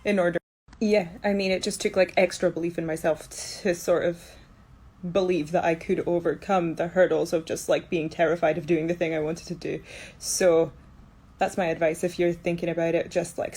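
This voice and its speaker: A woman with a Scottish accent answering fan questions in a casual chat to her phone, sounding sleepy and low on energy, alone in a quarantine room. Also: flat delivery, normal speed, a little mellow, slightly rough. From Scotland. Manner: chatty, tired, low energy. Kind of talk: casual Q&A to camera. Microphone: phone camera, self-recorded.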